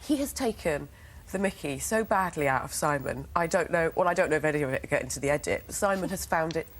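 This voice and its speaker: An English woman as a guest on a TV studio sofa, telling lively anecdotes and acting out what people said. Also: deep voice, fast. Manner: lively storyteller, acts out quotes. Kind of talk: chatty showbiz interview anecdotes.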